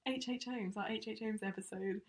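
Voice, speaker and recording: A woman co-hosts a true-crime podcast and walks through the case in casual, rambling chat. Her voice sits at an ordinary middle pitch, and she fills her talk with little fillers as she goes. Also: fairly even intonation, fairly quick, a crowd in the background. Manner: chatty, many fillers like um and you know. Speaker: podcast co-host presenting the case.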